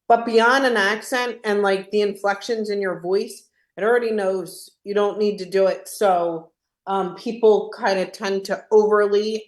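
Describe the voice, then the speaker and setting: Woman hosting an online q&a, chatty, says things twice, roomy echo on the call. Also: mid-range voice. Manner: chatty, repeats points for emphasis. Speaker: host. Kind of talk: casual webinar Q&A.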